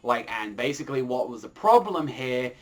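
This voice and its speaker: A man's voice: medium pitch, big pitch swings, normal speed. A man reviewing a manga chapter in a casual, rambling way, full of fillers and swearing.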